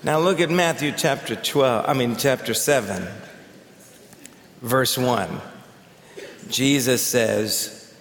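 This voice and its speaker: A man's voice: medium pitch, expressive, a little slow. A man preaching a sermon as pastor, talking in a conversational way and telling stories. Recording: echoey hall with long reverb.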